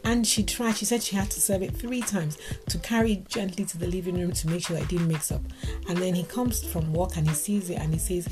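A woman's voice: on the low side, a little fast. A woman from Africa, telling a story and giving relationship advice, acting out the dialogue with animation. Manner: animated, acts out quoted dialogue. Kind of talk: storytelling talk. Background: music playing.

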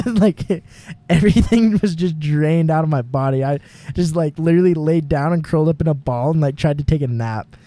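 A man's voice: on the high side, fairly quick, warm tone, dry recording. A young man co-hosting a podcast, telling a long rambling story in casual chat, full of fillers and laughing often. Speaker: podcast co-host. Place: home garage.

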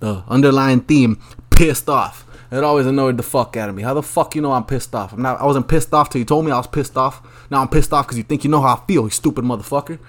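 Solo podcast host, male, mid-pitched, crude and rambling, swears constantly. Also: fast, hardly any pauses, a bit bright. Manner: rambling, profane ranting with frequent ums.

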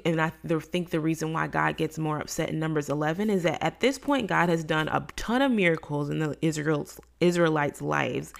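Low, gravelly-voiced woman teaching Scripture. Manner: conversational, acts out quoted complaints in lively voices. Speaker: Bible study teacher. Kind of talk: casual Bible teaching.

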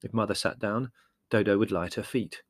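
A man narrating an audiobook in a wry, measured storytelling manner. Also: fairly low pitch, dry recording.

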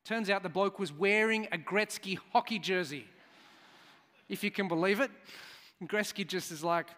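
A man's voice: high voice, normal speed, sharp tone. A man preaching a sermon, chatty and storytelling, with asides to the congregation. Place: church hall. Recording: church hall reverb.

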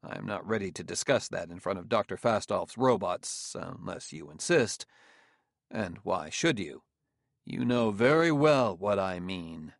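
A man's voice: low voice, expressive, measured pace, creaky, dry recording, studio quality, voice pushed down, heavily acted. A man voicing a weary, stubborn middle-aged detective. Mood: guarded.

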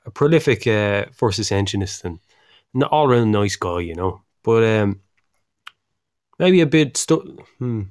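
Dry-sounding low Irish man chatting. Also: animated, measured pace, darkish tone, no echo. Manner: rambling storyteller, swears freely, many fillers. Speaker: podcast co-host. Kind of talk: casual chat.

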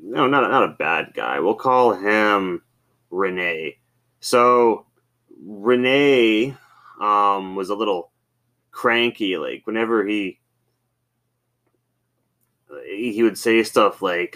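A man's voice: lowish voice, takes it slowly, long pauses, bright, forceful tone. A man hosting a podcast, telling rambling, casual stories with many fillers. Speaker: podcast host. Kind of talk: casual storytelling.

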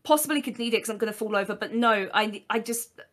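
A woman in casual group chat, blunt and reflective, swearing and getting animated when telling stories. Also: mid-range voice, quick pace.

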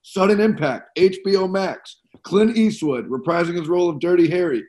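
Slightly higher-voiced man, upbeat podcast co-host. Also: expressive, normal speed, few pauses, darkish tone. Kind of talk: casual podcast chat.

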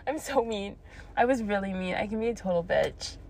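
A woman's voice: medium pitch, brisk, gravelly, a little mellow, no echo. A young woman telling a story in a blunt, profane casual rant, laughing between lines. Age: young adult. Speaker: vlogger.

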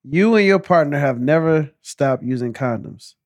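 A man hosting a casual group chat, asking questions in an animated, joking way and jumping in quickly. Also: on the high side, no echo.

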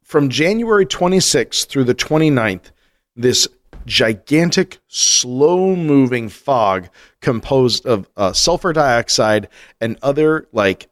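Lively man rambling on a podcast. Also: mid-range voice, slow pace. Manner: animated, laughs often, rambling with restarts. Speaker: podcast co-host. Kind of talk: casual chat.

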